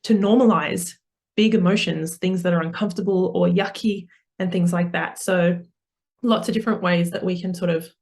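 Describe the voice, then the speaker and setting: A woman's voice: lowish voice, steady tone, normal speed, a little mellow. A woman speaking as a parenting coach guest in a podcast interview, earnest and explanatory, with frequent fillers and restarts.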